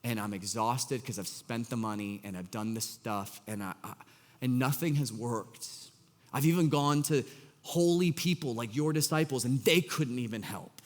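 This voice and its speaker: A man preaching a sermon as pastor, conversational and animated, with frequent restarts. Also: mid-range voice, moderate pace, big-room sound. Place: church auditorium.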